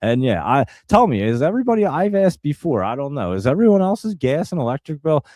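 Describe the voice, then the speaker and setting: A man's voice: a little high, very animated, brisk, dark tone, dry recording, studio quality. A man from New Jersey hosting a live stock market stream, talking casually and rambling in an exasperated way to his viewers. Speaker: stock market show host.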